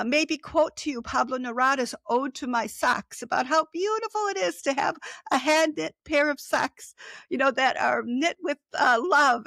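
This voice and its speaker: A woman's voice: high-pitched, creaky, sharp tone, dry recording. A middle-aged woman author in a casual interview, speaking reflectively and laughing often. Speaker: author and guest.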